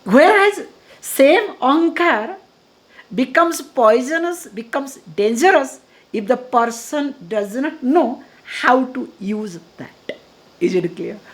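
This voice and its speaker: A middle-aged woman with an Indian accent, a spiritual teacher giving a scripture discourse, animated and chuckling, acting out dialogue and chanting Sanskrit verses slowly. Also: sits high.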